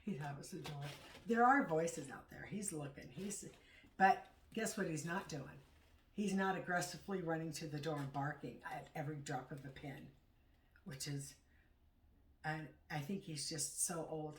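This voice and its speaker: A middle-aged woman chatting casually at home in a vlog, rambling and halting as she talks. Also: low-pitched, expressive, a little hiss or hum. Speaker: vlogger. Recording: echoey room, far from mic.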